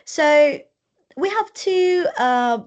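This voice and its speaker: Her voice sits high, with lively intonation and drawn-out words, and the sound is lo-fi from a computer mic on a video call. As a webinar presenter giving a lecture, she explains her topic while repeatedly restating and rewording it.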